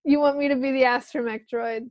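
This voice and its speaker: A woman's voice: high voice, steady tone, a little fast, a little mellow, no echo, dull audio. A young woman chatting casually, telling stories full of "like" and laughing often. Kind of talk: casual chat.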